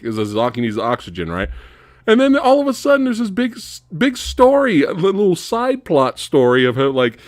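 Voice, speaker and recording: A man hosting a casual movie review chat, animated, laughing often and acting out characters in high voices. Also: a little fast, no room sound, studio quality. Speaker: host.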